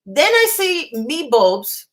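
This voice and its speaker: A woman's voice: high-pitched, sing-song, takes it slowly. Blunt, cursing woman ranting from bed. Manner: blunt, swears, keeps greeting viewers mid-rant. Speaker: commentary channel host. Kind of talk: casual live-stream rant to chat. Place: in her bedroom, on her bed.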